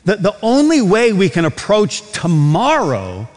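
A man delivers a sermon in a high, animated voice that swoops up and down. He takes his time and stresses words, sometimes repeating himself as he builds to a question. His voice carries a long reverb, as from a large hall. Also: measured pace. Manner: emphatic preaching with repetitions and rhetorical questions. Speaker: pastor.

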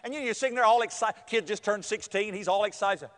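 A man's voice: quick pace, fairly bright tone. A male preacher telling stories in a sermon, acting out the lines of the people in them. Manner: storytelling with acted-out quotes and big pitch swings. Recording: hall reverb.

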